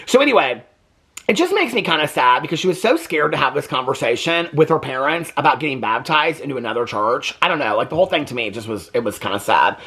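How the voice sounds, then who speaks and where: A man hosting a reaction video, chatting in a gossipy, animated way and laughing often. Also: medium pitch, fast talker, breathy edge. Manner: animated and gossipy, keeps asking "okay?"; laughs often while talking. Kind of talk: casual reality-TV reaction commentary.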